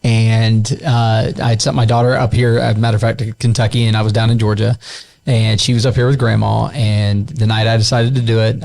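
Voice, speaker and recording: A man's voice: fairly low pitch, creaky, a little mellow. A man co-hosting a podcast, telling a heartfelt personal testimony in a casual, earnest way. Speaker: podcast co-host.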